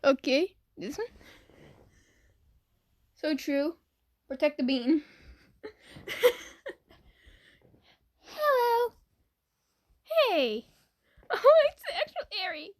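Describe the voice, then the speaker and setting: A high-pitched woman chatting casually through comments on her own channel, giggling and breaking into laughter as she reacts. The recording is dry and close, with no room sound. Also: extremely slow, pauses often, no room sound. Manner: giggly, excitable, laughs often between reading comments. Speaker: video creator reading comments.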